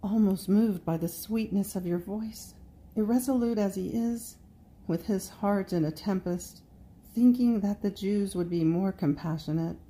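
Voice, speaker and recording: A woman reading a devotional meditation in a slow, prayerful way, speaking directly to Jesus. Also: medium pitch, warm tone. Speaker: devotional reader.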